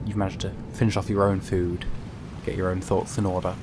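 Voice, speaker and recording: A man narrates a tabletop game as game master, halting and full of fillers. His voice sits fairly low. Clear noise hums behind the recording. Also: little pitch movement. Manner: hesitant, filler-heavy narration. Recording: noisy background.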